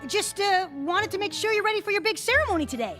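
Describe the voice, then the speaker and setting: Woman doing awkward boy baby dragon, squeaky, very high, bouncy, cartoon, music behind. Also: animated, quick pace. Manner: boyish, squeaky, slightly awkward. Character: young male baby dragon sidekick, awkward. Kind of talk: animated series dialogue. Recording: clip with music underneath.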